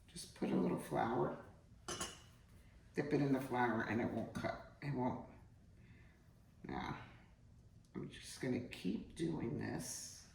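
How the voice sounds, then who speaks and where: A woman's voice: extremely low pitch, vocal fry. A middle-aged woman hosting a casual home cooking demonstration, chatty and joking as she talks straight to her viewers. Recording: roomy, distant from the mic, faint hum.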